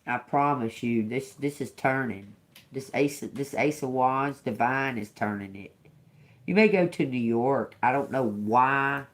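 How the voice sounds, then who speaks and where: A woman's voice: rumbling low, a little slow. A woman giving a casual livestream tarot reading to her viewers, chatty, laughing often and swearing freely. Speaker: tarot reader.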